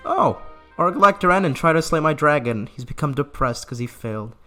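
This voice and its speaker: A man's voice: on the high side, animated, a little fast, bright, forceful tone, faint music behind. A man giving casual gameplay commentary, laughing often and reading game text aloud with asides. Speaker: gaming YouTuber.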